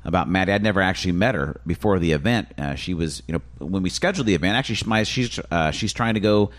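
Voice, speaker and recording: A man's voice: sits low, animated, fast. A man hosting a casual podcast, talking in an upbeat, rambling way with frequent restarts. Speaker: podcast host.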